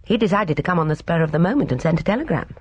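A reader voicing a calm young man in a storybook reading, measured and gently teasing. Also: a little high, breathy edge, no echo, dull audio.

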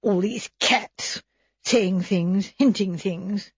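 Brief: a woman doing a warm, impulsive young woman, earnest, breathy tone. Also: medium pitch, dry recording, lo-fi sound, heavily acted. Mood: indignant. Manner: earnest, halting.

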